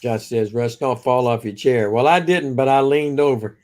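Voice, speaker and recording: A man's voice: medium pitch, steady tone, a little mellow. A man reading viewer comments aloud on a live stream, giggling often. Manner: giggly, reads comments slowly. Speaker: co-host reading chat. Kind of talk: casual live stream chat.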